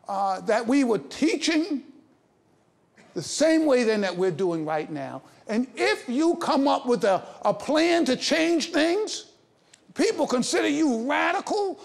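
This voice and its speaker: A man's voice: very high-pitched, vocal fry. A man in his sixties giving a passionate, emphatic stage talk to a live audience, mixing jokes with indignation. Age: 60s. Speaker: invited speaker.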